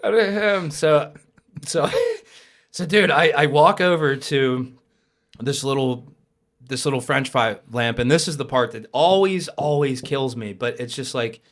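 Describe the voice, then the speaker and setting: Young adult man, middle-pitched voice, casual guest who tells stories animatedly and swears freely. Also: unhurried, fairly bright tone. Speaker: podcast guest. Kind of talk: casual podcast storytelling.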